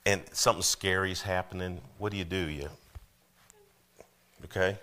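A man's voice: sits low, fairly even intonation, moderate pace, pushed and bright. A man, preaching a sermon as pastor in a conversational way, asking the congregation questions and rising into emphatic bursts.

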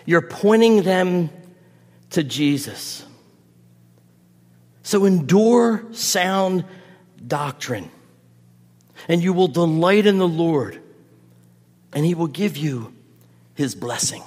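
Man, pastor, sermon, high-pitched, emphatic exhortation, long church reverb. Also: expressive, takes it slowly, long pauses. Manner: builds to emphatic repeated exhortations, drops soft for prayer. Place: church sanctuary.

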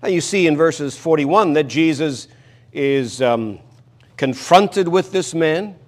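Brief: male preacher, fairly high voice, earnest and emphatic, hammers home repeated lines. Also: expressive, slow. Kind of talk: expository sermon.

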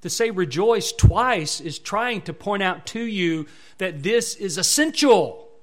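High-voiced preaching man. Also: animated, slow. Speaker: pastor. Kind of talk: sermon.

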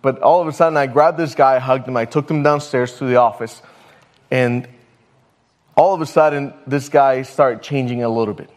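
A man's voice: mid-range voice, fairly even intonation, normal speed. A man preaching a sermon, telling a story and stumbling over his words now and then. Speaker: pastor.

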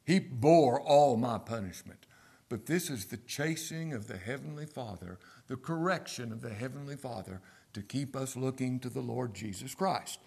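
A man who pastors a church, preaching a sermon and swinging from near-whispers to loud, stressed words. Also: medium pitch, lively intonation, moderate pace, vocal fry, slightly rough. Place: church sanctuary.

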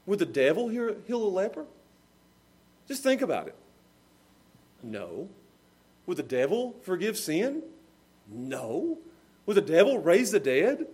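A man's voice: high-pitched, darkish tone, husky. A man preaching a sermon with emphatic delivery, rising and falling in volume, sometimes laughing at his own examples. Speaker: pastor.

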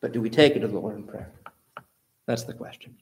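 A man preaching a sermon, asking his listeners rhetorical questions and building to emphatic, louder peaks. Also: on the low side, a little fast.

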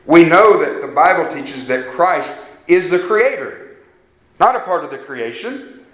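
A man's voice: fairly high pitch, expressive, measured pace, reverberant, rough recording. A man preaching a sermon, repeating key phrases for emphasis and putting questions to his congregation.

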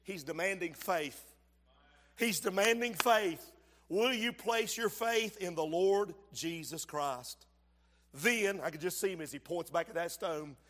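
A man preaching a fervent sermon, swinging from shouts to low asides and calling out to the congregation. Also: unhurried. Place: church sanctuary. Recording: long hall reverb.

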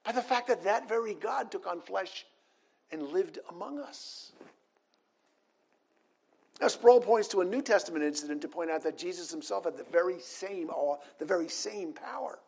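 A man's voice: high-pitched, expressive, moderate pace, creaky, darkish tone, breathy edge. A man preaching a sermon, reading scripture passages aloud in an earnest manner.

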